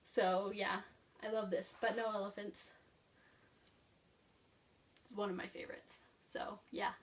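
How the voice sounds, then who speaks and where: With slight background noise and a distant mic, a woman in a mid-range voice gives a casual book review chat about childhood favorites. Her delivery is flat and her pace measured, yet she rambles enthusiastically and uses lots of fillers.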